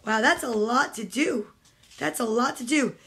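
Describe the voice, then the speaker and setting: A woman's voice: a little high, normal speed, a bit bright. A woman at home reading picture books aloud to children, playful and chatty, speaking straight to the kids. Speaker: storytime host.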